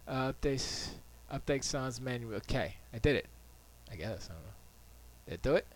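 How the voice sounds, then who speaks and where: Casual male streamer, rambling, mutters to himself, swings loud to hushed, home studio. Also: medium pitch. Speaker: live streamer.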